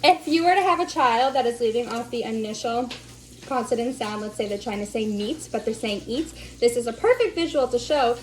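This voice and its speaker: A woman teaching as a speech therapy instructor, slowly over-enunciating the sounds she models. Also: fairly high pitch, lively intonation, slight background noise, low-quality recording. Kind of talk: instructional demonstration.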